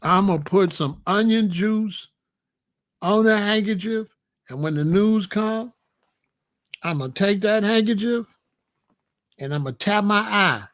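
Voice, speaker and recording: A man's voice: sits high, a little slow, pauses often, fairly bright tone. A man hosting his own commentary channel, joking and bragging in a casual, streetwise rant.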